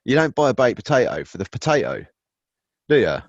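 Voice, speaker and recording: A man's voice: medium pitch, very animated, fairly quick, no room sound. A man co-hosting a casual podcast chat, rambling and cursing, often stopping to restart his sentences. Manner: rambling, self-interrupting, profane. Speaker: podcast co-host. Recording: dull, dry lo-fi sound.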